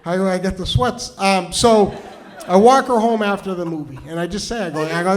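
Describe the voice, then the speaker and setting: A man doing stand-up storytelling on stage, rambling with many stammered restarts, swinging from hushed and tender to loud and shouting. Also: high-pitched, normal speed. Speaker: storytelling comedian. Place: stage before a live audience.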